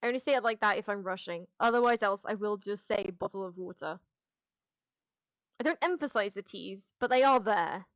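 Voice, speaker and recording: A woman with a mid-range voice talks fairly quickly, recorded with no room sound. She's a streamer on a headset, chatting casually and candidly with her chat, rambling, restarting often and swearing now and then as she answers them on a laid-back livestream.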